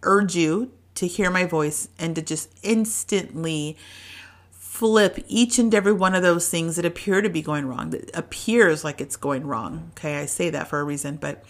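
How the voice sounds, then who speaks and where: A woman's voice: on the low side, moderate pace. Chatty encouraging woman in her forties. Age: 40s. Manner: chatty, encouraging, many fillers and restarts. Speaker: podcast host. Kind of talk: motivational solo podcast talk.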